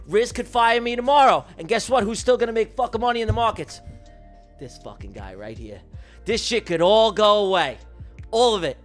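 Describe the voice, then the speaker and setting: Brash, excitable man with a high, lively voice. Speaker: day trader hosting a livestream. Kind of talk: live trading stream chat.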